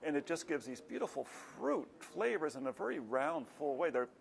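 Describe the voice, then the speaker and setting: A man's voice: fairly high pitch, sing-song, normal speed, vocal fry, a little hiss or hum. A man hosting a TV show, interviewing guests and describing things at a leisurely pace. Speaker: TV show host.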